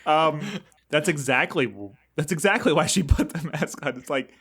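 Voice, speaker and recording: A man's voice: a little high, moderate pace, fairly bright tone, slightly rough. A man co-hosting a podcast, casually discussing a film in a dry, matter-of-fact way. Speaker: podcast co-host. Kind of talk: casual movie review chat.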